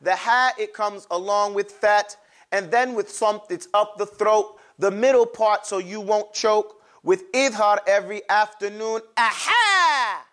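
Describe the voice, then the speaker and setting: A man's voice: high-pitched, steady tone, measured pace. A man teaching a classroom lesson on pronouncing letters for Quran recitation, animatedly drilling his class to repeat sounds aloud.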